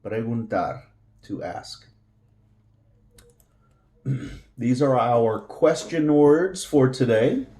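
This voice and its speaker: Patient male teacher, warm and relaxed tone, repeats words for learners. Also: medium pitch, extremely slow, pauses often, echoey room. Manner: patient, repeats each word several times. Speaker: Spanish teacher. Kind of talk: slow classroom explanation.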